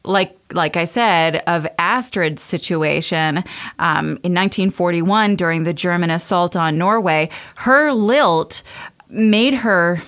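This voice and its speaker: A woman's voice: fairly low pitch, takes it slowly, a bit bright. A woman co-hosting a podcast, telling a story in a chatty way with fillers and frequent laughs. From United States. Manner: chatty, laughs often, fillers, tries comic accents. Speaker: podcast co-host.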